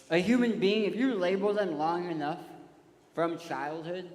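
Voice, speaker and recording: A fairly high-voiced man preaches an animated sermon, drawing the crowd in with questions and stories. His voice rings through a big church hall with a long, roomy reverb. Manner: animated, shouts cues to a volunteer. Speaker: guest preacher. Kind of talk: sermon with audience participation.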